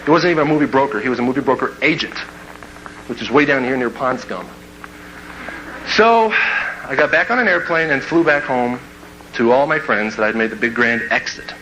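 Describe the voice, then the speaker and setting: A man from Kansas giving a motivational speech, telling a story to a live audience in an animated way and acting out scenes with sound effects and quoted voices. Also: mid-range voice, fairly quick, pauses often, slight background noise, rough recording. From Kansas, USA. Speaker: motivational speaker.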